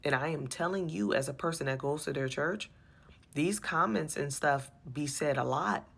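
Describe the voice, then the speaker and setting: A woman with a low, gravelly voice tells an exasperated story about her church. She talks with animation and circles back over her points. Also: moderate pace. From USA. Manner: animated, exasperated, repeats herself. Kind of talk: personal storytelling.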